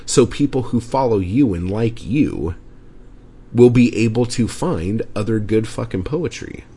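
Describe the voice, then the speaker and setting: A man's voice: lowish voice, lively intonation, unhurried, dark tone, breathy edge. A man hosting a podcast, ranting casually and rambling with lots of swearing and filler words. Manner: profane, rambling, frequent "like" fillers. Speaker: podcast host. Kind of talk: casual solo podcast rant.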